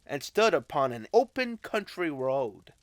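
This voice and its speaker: Male audiobook narrator, slightly high voice, unhurried and expressive, dry booth sound. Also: no room sound. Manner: expressive, unhurried storytelling reading. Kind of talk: scripted narration.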